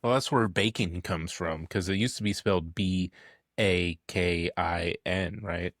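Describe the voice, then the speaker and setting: A man with a lowish voice, recorded close and dry with no room echo. He banters as a podcast co-host, delivering absurd jokes in a flat, deadpan way. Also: measured pace. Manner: deadpan, dry jokey quips. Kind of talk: casual chat.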